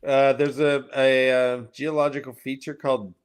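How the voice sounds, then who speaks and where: A man's voice: medium pitch, little pitch movement, normal speed, clear, resonant tone. A man co-hosting a casual book discussion, recapping a chapter in a rambling way with many fillers. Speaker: podcast co-host summarizing chapters.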